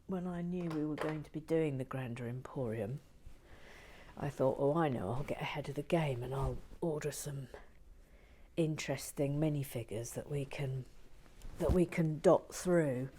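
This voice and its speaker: Low, mellow-voiced woman softly whispering. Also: moderate pace, a little hiss or hum. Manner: often drops into a whisper, chatty and mildly self-deprecating. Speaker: channel host building brick sets. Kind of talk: soft-spoken ASMR build commentary.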